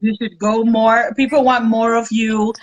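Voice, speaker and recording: A woman's voice: on the high side, level tone, unhurried, muffled recording. A woman with a Zimbabwean English accent, hosting a casual interview and speaking in an encouraging, emphatic way. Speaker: interviewer, host. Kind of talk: casual chat.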